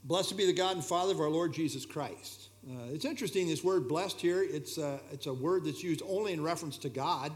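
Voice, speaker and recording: A man with a fairly high speaking voice teaches a Bible study. He explains each verse in a relaxed, conversational way and often pauses with "uh" and small restarts. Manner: hesitant, many fillers, relaxed and explanatory. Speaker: pastor leading a Bible study.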